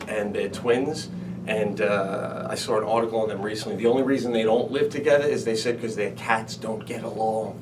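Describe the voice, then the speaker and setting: A man's voice: medium pitch, fairly bright tone, distant mic, a little hiss or hum. A man hosting a comedy show from home, talking in a rambling, wry monologue and swearing casually. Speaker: comedian host. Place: home with a washing machine running.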